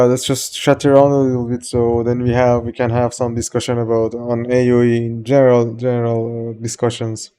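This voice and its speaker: A man with a Persian accent chats loosely on a live stream. He greets his viewers one by one and jokes and swears casually. His voice is warm and mellow, with a natural, mid-range pitch. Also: clean tone. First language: Farsi.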